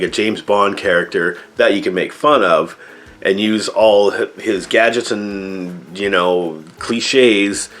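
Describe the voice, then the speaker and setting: Middle-aged male reviewer with a fairly low voice, loose and profane, sarcastic asides. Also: fairly bright tone. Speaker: movie reviewer. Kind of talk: casual spoken movie review.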